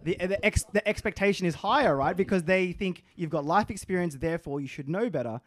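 A man in his thirties reasoning about dating in quick casual chat, with many restarts. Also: high-pitched, dry recording. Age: 30s. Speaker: podcast guest.

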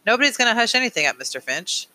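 A man reading an audiobook, voicing a stubborn small-town sheriff who speaks quietly and bluntly. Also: very high-pitched, very animated, very fast, pitched above the performer's own voice, heavily acted. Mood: stolid.

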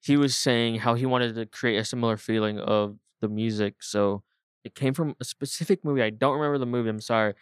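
A man co-hosting a casual film review podcast, relaxed and trailing off as he searches for words. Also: mid-range voice, brisk, smooth, dry recording, studio quality. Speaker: podcast co-host.

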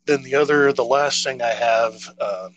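A man's voice: medium pitch, moderate pace, a bit bright, poor audio. A man co-hosting a casual podcast chat, rambling and hesitant with many fillers and restarts. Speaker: podcast co-host.

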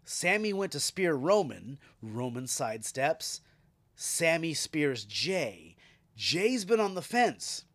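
A man hosting a podcast, recapping a wrestling show in a casual, animated and profane way, laughing as he retells it. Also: on the high side, takes it slowly. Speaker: podcast host.

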